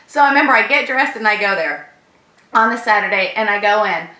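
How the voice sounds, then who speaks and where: A woman's voice: mid-range voice, expressive, fairly quick, pushed and bright, roomy sound. A woman, a sales professional telling a story to camera and acting out both sides of the conversations.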